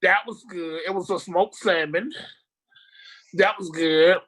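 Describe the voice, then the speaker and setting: In a laid-back video chat, the speaker slowly tells a rambling, spirited story laced with slang and swear words, their pitch sitting in the middle.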